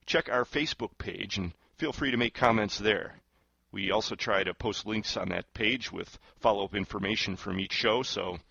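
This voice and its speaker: A man hosting a talk radio show, reading the intro and lineup in a smooth, upbeat announcer delivery. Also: fairly low pitch, sharp tone, dry recording, dull audio. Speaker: host.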